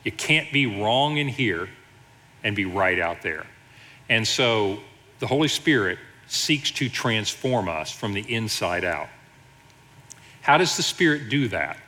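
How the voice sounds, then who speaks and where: A middle-aged man, an executive pastor, preaching a sermon in an animated way with joking asides. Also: lowish voice, takes it slowly. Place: church sanctuary. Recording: long church reverb.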